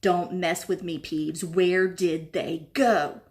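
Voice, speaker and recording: A woman's voice: fairly low pitch, fairly even intonation, slow pace. A woman voicing a grumpy old male caretaker who barks demands. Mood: demanding.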